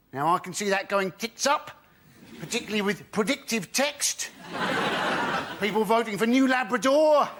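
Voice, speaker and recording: A man's voice: very high-pitched, fairly bright tone, slight background noise. A man delivering wry jokes on a comedy panel show. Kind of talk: stand-up panel routine.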